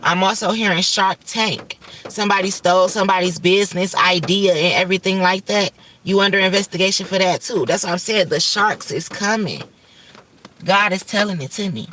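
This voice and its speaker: A woman's voice: mid-range voice, fairly quick, a bit bright, distant mic. A woman hosts a livestream, declaring visions in urgent, repetitive, profane bursts. Her voice sits a little away from the mic, and faint noise hums underneath. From Michigan. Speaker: livestream host giving spiritual visions. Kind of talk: rambling prophetic livestream talk.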